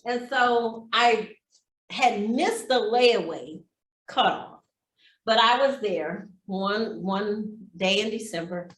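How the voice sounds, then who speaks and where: A woman's voice: lowish voice, a bit bright, a little hiss or hum. Heartfelt woman in an echoey room. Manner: heartfelt, storytelling, speaks of blessing and giving. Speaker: real estate class instructor. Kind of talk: motivational class talk.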